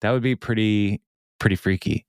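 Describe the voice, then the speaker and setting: A man's voice: on the low side, fairly even intonation, normal speed, smooth, no room sound, studio quality. A man co-hosting a podcast, casually recapping a TV episode with lots of fillers and laughs. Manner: rambling, many fillers, laughs often. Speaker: podcast co-host.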